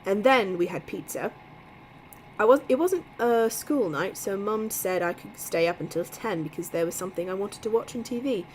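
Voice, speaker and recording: A woman voicing a dry, wry young English man, spoken a bit lower and quieter. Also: expressive, moderate pace, slight background noise, close to an everyday voice, rough recording.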